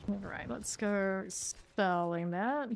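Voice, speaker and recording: A woman's voice: medium pitch, takes it slowly, gravelly. A woman streamer chatting casually and thinking aloud while she sorts loot during gameplay commentary.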